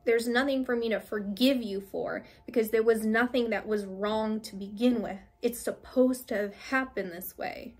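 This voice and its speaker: A young woman giving a casual spiritual card reading, rambling with many fillers and restarts, gently reassuring. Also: fairly high pitch, moderate pace, hardly any pauses. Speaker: tarot reader.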